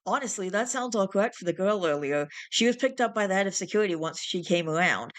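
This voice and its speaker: A woman's voice: mid-range voice, animated, fast, no room sound, close to an everyday voice. A woman voicing a matter-of-fact female medic giving directions, in a storybook reading. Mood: plain.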